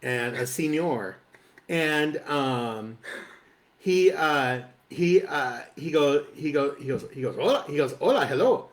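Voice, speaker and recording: A man telling a funny story on a casual talk show, animated and laughing often as he mimics the people involved. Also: on the high side, takes it slowly. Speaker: co-host. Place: studio.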